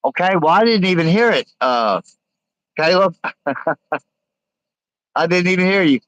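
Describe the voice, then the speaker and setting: A man's voice: high-pitched, expressive, brisk, fairly bright tone, no echo, rough recording. A man hosting a casual live stream, reading viewer comments aloud and answering in a rambling, blunt, joking way. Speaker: livestream host reading chat.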